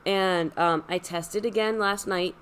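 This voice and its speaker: Hoarse woman, middle-aged, husky and low, chatty podcast host, faint hiss in the background. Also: steady tone, a little slow, a bit bright. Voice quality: husky, deep. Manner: chatty, self-deprecating, laughs easily. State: hoarse, losing her voice from a cold. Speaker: podcast host, yarn shop owner. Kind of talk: casual chat.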